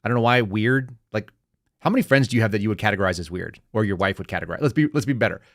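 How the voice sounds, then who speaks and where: A man's voice: on the low side, racing, a bit bright, no room sound, studio quality. A middle-aged man hosting a podcast, chatting casually and with strong opinions, joking and slipping into brief mocking voices. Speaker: podcast host. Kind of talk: casual political commentary.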